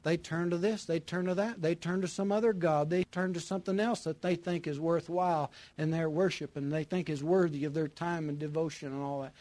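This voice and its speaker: A man preaching a sermon, repeating his phrases with emphasis and moving between loud bursts and hushed lines. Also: fairly high pitch, fairly even intonation, fairly quick, few pauses, no echo.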